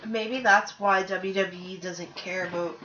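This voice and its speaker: A woman co-hosting a casual podcast, chatty and quick to laugh. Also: mid-range voice, steady tone, bright, forceful tone, a little hiss or hum. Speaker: podcast co-host. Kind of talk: casual chat. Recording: echoey lo-fi room audio.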